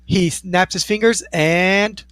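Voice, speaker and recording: A man's voice: sits high, slow pace, fairly bright tone, clear, resonant tone, dry recording. A man narrating a tabletop game as game master in an easygoing, descriptive way.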